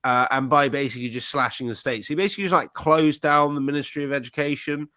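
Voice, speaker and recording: A man co-hosting a podcast, talking in a blunt, sweary, animated rant. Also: medium pitch, quick pace, no room sound. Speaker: podcast co-host. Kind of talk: ranty casual chat.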